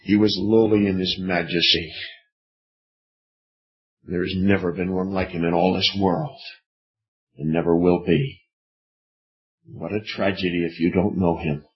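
A man preaching an evening sermon, slow and dramatic, with long pauses and repeated phrases. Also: low voice, steady tone. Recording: dull lo-fi recording.

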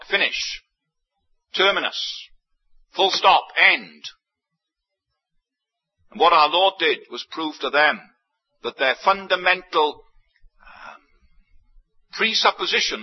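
A man preaching a sermon, emphatic, with big swings in pitch and loudness. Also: expressive, a little slow, long pauses. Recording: dull lo-fi sermon recording.

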